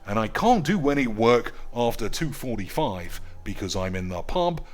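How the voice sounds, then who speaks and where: A man ranting sarcastically over gameplay, crude and rambling, jumping into high mock shouts. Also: big pitch swings, normal speed. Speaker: gaming video host.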